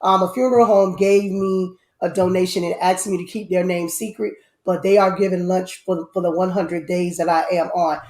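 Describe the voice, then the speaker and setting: A woman hosting a casual live-stream chat, animated, with loud outbursts and a lot of repeating herself. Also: lowish voice, moderate pace, hardly any pauses. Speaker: host. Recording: echoey room.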